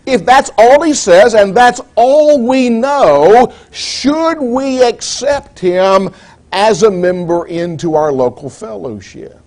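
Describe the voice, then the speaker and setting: A man preaches a sermon in a measured, deliberate way, putting rhetorical questions to the congregation. His voice is high and animated, with a darkish tone.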